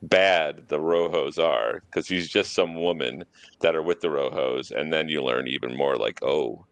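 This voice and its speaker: A man co-hosting a podcast, calmly explaining plot points in casual chat. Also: extremely low pitch, measured pace, no echo. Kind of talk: casual movie discussion.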